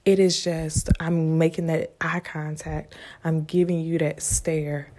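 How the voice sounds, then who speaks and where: A woman giving casual motivational talk, frank and animated with lots of profanity, sometimes dropping into a hushed whisper. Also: low voice, slow pace. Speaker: vlogger and spiritual speaker.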